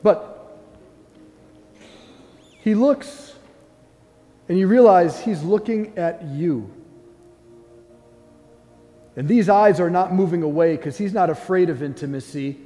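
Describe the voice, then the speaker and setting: A mellow, fairly high-voiced man preaching as a priest. He speaks earnestly and gently, with soft pauses, as he leads a guided prayer. His voice rings with a long church reverb. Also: expressive, soft background music.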